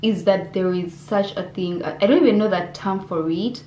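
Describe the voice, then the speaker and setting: Warm and medium-pitched, this young Ugandan woman talks at a normal speed while answering questions in a vlog Q&A. She rambles, restarting sentences and using lots of fillers. There's slight background noise and faint ambience from an echoey room.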